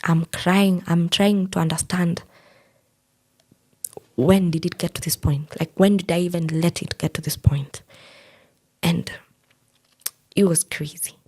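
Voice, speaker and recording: Speaking unhurriedly with long pauses, a young woman tells a painful story from her own life during an interview, earnestly quoting what people told her. Her voice is lowish and darkish in tone, with fairly even intonation.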